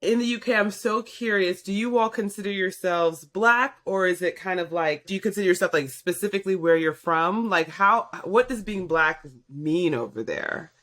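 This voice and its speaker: A woman's voice: on the low side, moderate pace, few pauses, a bit bright. A woman hosting a podcast, asking curious questions and giving short affirmations in a casual interview. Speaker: podcast host.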